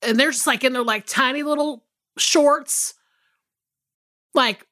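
Bright, high-voiced chatty woman. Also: takes it slowly. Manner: rambling, animated, swears freely, many fillers. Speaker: podcast co-host. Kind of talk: casual chat.

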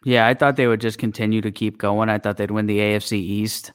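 A man's voice: on the low side, steady tone, brisk, smooth, no echo, clean studio sound. A man co-hosting a sports podcast, agreeing and giving plain opinions in casual chat. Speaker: podcast co-host.

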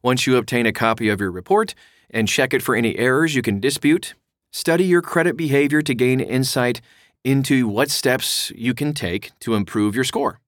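Male explainer voice, mid pitch, clear and instructive with casual asides, close and dry sound. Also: moderate pace, dry recording. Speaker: mortgage explainer. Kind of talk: reading an explainer aloud.

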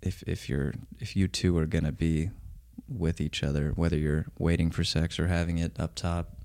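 Young comedian guy, really deep voice, rambly and laid back on a podcast. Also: little pitch movement, moderate pace, a little mellow. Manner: rambling, laughs along, trails off. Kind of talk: casual chat.

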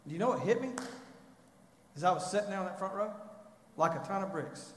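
A man preaching a sermon, telling a story and rising to loud, impassioned pleading. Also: high voice, lively intonation, brisk, slight background noise. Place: church. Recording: echoey hall.

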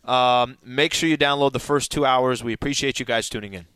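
Male radio co-host, mid-range voice, dry studio sound, casual musing, pitch rises when making points. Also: fairly even intonation, brisk, a bit bright, clear, resonant tone, no room sound.

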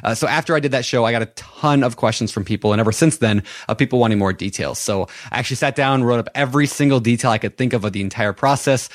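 A man's voice: medium pitch, fast, few pauses, no echo, clean studio sound. Upbeat man co-hosting a podcast. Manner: upbeat, promotional. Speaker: podcast co-host. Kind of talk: casual podcast chat.

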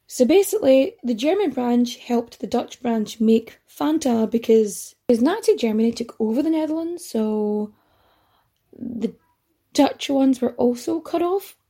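A woman's voice: fairly high pitch, mellow. A woman hosting a history podcast, telling the story in a chatty, rambling way with casual swearing and asides. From Ireland. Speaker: podcast host.

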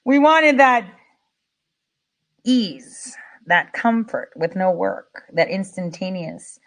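A middle-aged woman hosting a podcast, talking in a casual, rambling monologue with fillers and mild swearing, her voice swinging up and down in pitch and loudness.

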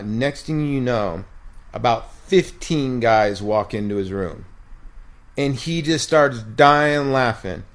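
A man's voice: medium pitch, takes it slowly. A middle-aged man, a former ballplayer and podcast co-host, telling a long story in casual chat and acting out the voices of the people in it. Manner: animated anecdote teller who acts out quoted voices.

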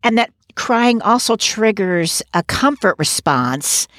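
A woman's voice: mid-range voice, animated, slow, a bit bright, no echo, clean studio sound. A woman co-hosting a podcast recap, talking in an opinionated, casual way and laughing between points. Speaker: podcast co-host.

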